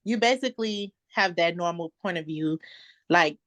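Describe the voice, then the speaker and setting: A woman in her twenties, an author guest, speaking softly and earnestly in a casual interview. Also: fairly low pitch, moderate pace, no room sound. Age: 20s. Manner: soft-spoken, earnest and reflective.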